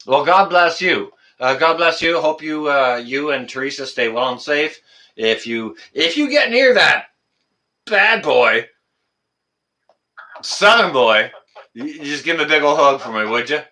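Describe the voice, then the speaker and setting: A Canadian livestream host talks unhurriedly and pauses often, his fairly high voice bright and sharp. On his casual stream, excited exclamations break up stretches full of "uh"s.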